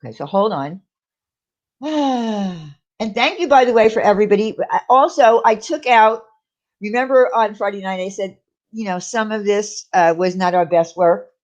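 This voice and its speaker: A woman's voice: mid-range voice, normal speed, a little mellow. Woman hosting a stream, rambles and restarts a lot, sound a bit muffled. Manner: rambling, with many fillers and restarts. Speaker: channel host. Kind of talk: casual livestream chat.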